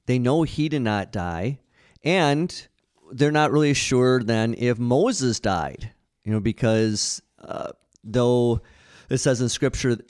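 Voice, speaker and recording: A man's voice: mid-range voice, darkish tone, smooth. A man co-hosting a casual Bible study discussion, talking in an earnest, conversational way with frequent restarts.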